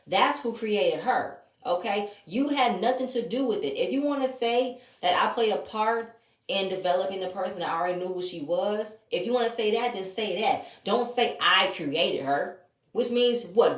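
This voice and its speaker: Woman vlogger, blunt and profane, casual show commentary; echoey room, mic at a distance. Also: mid-range voice. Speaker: reality show reviewer.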